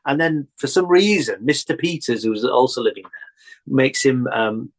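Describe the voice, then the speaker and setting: A man, a guest on a chat show, telling childhood stories in an animated way and laughing often. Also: medium pitch, normal speed, poor audio. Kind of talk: casual chat.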